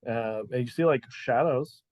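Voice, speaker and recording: Brief: man game master, mid-pitched, dry close sound, easygoing and chatty. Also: moderate pace, darkish tone, no echo, dull audio. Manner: laid-back, laughs often, many "like" fillers. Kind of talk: narrating a tabletop game.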